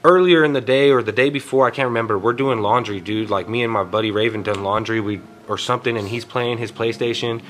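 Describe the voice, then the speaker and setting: A man's voice: medium pitch, fast talker, hardly any pauses, a bit bright, rough recording. A young man telling a story in casual chat, profane and rambling, full of fillers. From Texas. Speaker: guest tattoo artist.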